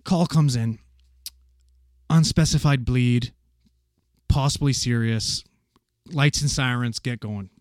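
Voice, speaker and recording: A man casually telling a paramedic story, animated and swearing freely as he acts out the voices of the people in it. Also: mid-range voice, slow, long pauses, no echo, studio quality.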